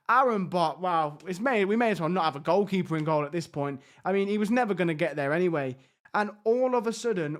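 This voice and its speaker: Brief: high-pitched gamer, excitable, frustrated reaction commentary. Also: male voice. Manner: exasperated, excitable, talks to his players. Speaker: gaming YouTuber. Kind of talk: live reaction commentary on a football management game.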